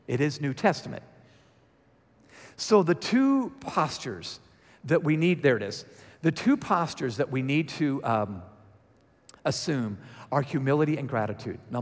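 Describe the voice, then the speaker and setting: A man with a Georgia accent preaching a conversational sermon and asking the congregation questions. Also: fairly high pitch. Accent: Southern US (Georgia). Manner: lively, asks the congregation questions. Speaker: guest preacher. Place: church sanctuary. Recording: reverberant church sanctuary.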